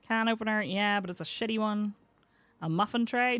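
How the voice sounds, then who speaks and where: A Northern Irish woman with a Northern Irish accent streams a game, chatting casually with her chat while she plays. Her voice is medium-pitched and a bit bright with no room sound, and she's self-mocking and quick to laugh.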